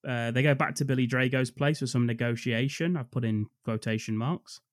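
A man's voice: mid-range voice, fairly even intonation, fairly quick, no echo, studio quality. A man co-hosting a film podcast, recapping scenes in a jokey way and laughing often. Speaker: podcast co-host. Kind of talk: casual chat.

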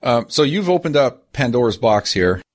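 A man's voice: mid-range voice, big pitch swings. A man hosting a podcast, conversational, steering the discussion. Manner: fast, conversational, steering the talk. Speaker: podcast host. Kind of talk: casual podcast chat.

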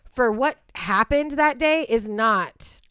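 Smooth-voiced woman recounting a crime, blunt. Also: a little high, expressive, slow, pushed and bright, no room sound, studio quality. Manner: blunt, profane, builds to heated outbursts. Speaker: podcast co-host. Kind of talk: true crime podcast narration.

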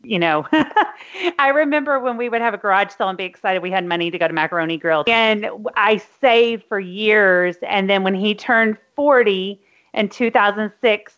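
A woman's voice: medium pitch, normal speed, a bit bright, muffled recording. A woman co-hosting a podcast, telling a personal story with emotion and getting teary. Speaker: podcast co-host. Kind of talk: casual podcast chat.

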